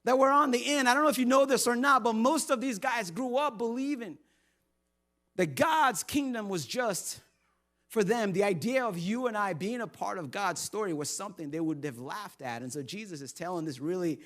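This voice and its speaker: Brief: male pastor, lighthearted storytelling sermon, voice sits high. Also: moderate pace, a bit bright. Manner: humorous, conversational storytelling.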